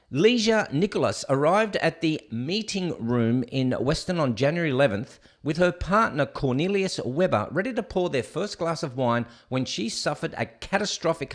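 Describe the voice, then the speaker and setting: Australian man ranting sarcastically. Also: a little high. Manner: sarcastic, emphatic, reads headlines aloud. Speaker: host. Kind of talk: ranting commentary on news stories.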